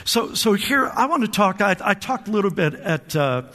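A man's voice: high-pitched, big pitch swings, normal speed, pushed and bright, long reverb tail. A man preaching a sermon to a church, calling for amens, repeating phrases and restarting his sentences. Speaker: pastor. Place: church hall.

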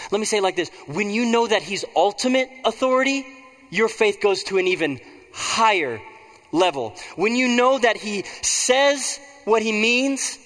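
A man's voice: high-pitched, a bit bright, long reverb tail. A man preaching a conversational sermon as pastor, prompting the congregation to respond.

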